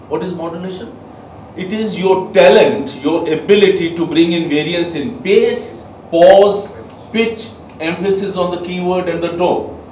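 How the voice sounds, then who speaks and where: A man giving a soft skills lecture to a class, emphatic and quizzing his listeners. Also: high-pitched, slight background noise. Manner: emphatic, asks the class questions. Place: training room with a class. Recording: echoey room, mic far off.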